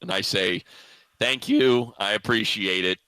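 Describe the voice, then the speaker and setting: A man's voice: fairly low pitch, unhurried, sharp tone, smooth, no echo, rough recording. A man hosting a sports radio show, telling a story in casual chat and laughing often. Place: radio studio.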